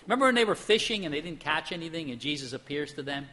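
A man preaches a sermon in an animated way, acting out the voices of the people he quotes. His voice is a little high, and he talks fast.

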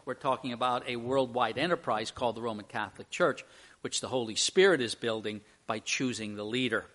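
A middle-aged man preaching a sermon, telling a story with lively, rising emphasis. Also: medium pitch, a little fast.

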